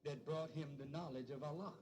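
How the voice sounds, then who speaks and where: A man preaching a sermon to a live audience, climbing into shouts and drawing out quoted lines. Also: on the high side, fairly even intonation. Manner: preaching, rising to shouts, drawn-out quotations. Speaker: minister. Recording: noisy old speech recording.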